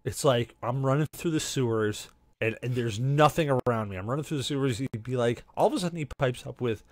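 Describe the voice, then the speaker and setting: A man hosting a podcast, telling a story in a lively, swearing, casual way and acting out his own reactions. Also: medium pitch, brisk, dry recording. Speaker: podcast host.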